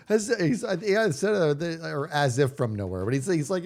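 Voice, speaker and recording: A man streaming a video game live, chatting casually with viewers and yelling playfully at the enemies on screen. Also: on the high side, big pitch swings, brisk, soft background music. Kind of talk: casual live gameplay commentary.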